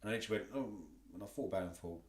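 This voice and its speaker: A man's voice: deep voice, very fast, reverberant. A young English father in casual podcast chat, telling stories and acting out what was said. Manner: animated storytelling, acts out quoted dialogue.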